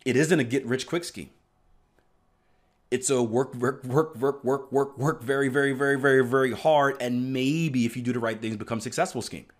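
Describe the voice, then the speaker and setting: With a steady, medium-pitched voice at a moderate pace, this man coaches traders in a motivational teaching style. His delivery is emphatic, full of repeated "right?" check-ins and sudden loud emphasis.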